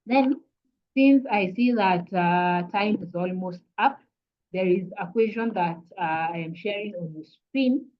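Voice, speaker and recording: A woman with a Kenyan accent teaching an online English revision lesson, patient and repetitive, often saying "kindly" and pausing with "uh". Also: medium pitch, dull audio. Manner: patient, repeats "kindly", frequent "uh" fillers.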